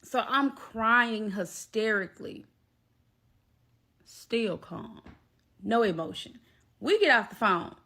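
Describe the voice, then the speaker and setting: A woman telling a personal story to her viewers, animated and emphatic. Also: fairly high pitch, takes it slowly, long pauses. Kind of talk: storytime vlog.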